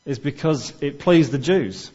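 A man's voice: fairly high pitch, measured pace, a little mellow, dull audio. A man preaching a sermon in church, talking conversationally and asking the congregation questions.

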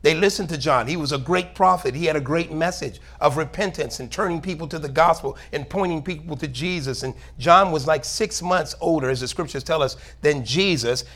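A man's voice: a little high, a little fast, few pauses, fairly bright tone. Man preaching a sermon in church. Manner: preaching, calls for amen, reads scripture aloud. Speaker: pastor.

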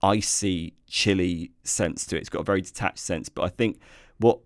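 A man's voice: sits low, fairly even intonation, moderate pace, no echo, studio quality. A British man co-hosting a casual film podcast, talking in a hesitant way with many fillers and restarts, livelier when enthused. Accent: British English. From Britain. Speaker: podcast co-host, film reviewer.

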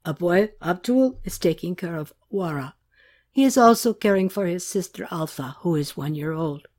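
A woman reading a novel aloud, voicing a soft-spoken male aid worker who talks in a formal, grave way. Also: fairly low pitch, normal speed, natural voice. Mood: somber. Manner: quiet, plain and formal.

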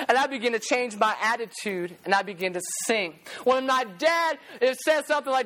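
A young man preaching a sermon, passionate and animated, telling stories and acting out the voices of the people in them. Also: very high-pitched, moderate pace, hardly any pauses. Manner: passionate, animated storytelling with acted-out quotes.

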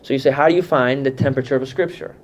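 A man teaching a Bible class in an animated, conversational way, often putting questions to his listeners. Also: medium pitch, very fast, slight background noise. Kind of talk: teaching sermon. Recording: muffled lo-fi sound.

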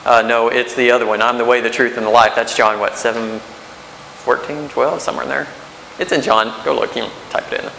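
A man's voice: mid-range voice, steady tone, a little fast, gravelly, sharp tone. A man in his thirties preaching a sermon as pastor, conversational, with rhetorical questions and restarts. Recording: echoey hall with faint hiss.

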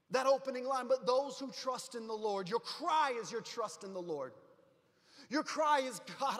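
A man preaching a sermon as a pastor, moving from quiet storytelling to loud, rising exhortation. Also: high-pitched, in a large hall.

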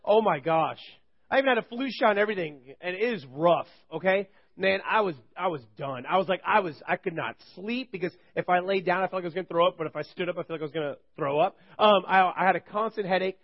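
A man's voice: sits high, fast talker, highs cut off. A man giving a casual, rambling sermon to college students at a live campus gathering, chatty and full of joking asides. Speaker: campus ministry preacher.

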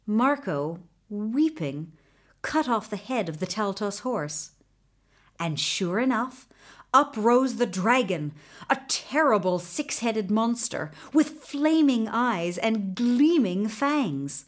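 A woman narrating a fairy tale in an expressive storybook reading style. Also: fairly high pitch. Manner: expressive, unhurried.

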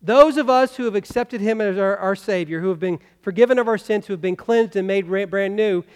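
High-voiced pastor preaching in a reverberant hall. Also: male voice, a little fast, darkish tone, clean tone. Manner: conversational preaching with rhetorical questions. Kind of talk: sermon. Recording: long reverb of a church hall.

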